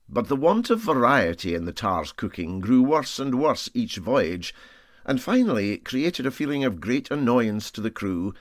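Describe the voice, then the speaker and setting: Expressive storybook narrator. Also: male voice, mid-range voice, no room sound, clean studio sound. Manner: measured, expressive reading. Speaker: audiobook reader.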